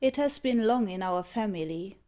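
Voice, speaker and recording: A woman reading an audiobook voices a suave, mocking gentleman tempter with a devilish edge, smooth in mood. He speaks slowly and deliberately at a middling pitch, animated yet close to an everyday voice, on a slightly dull, lo-fi recording.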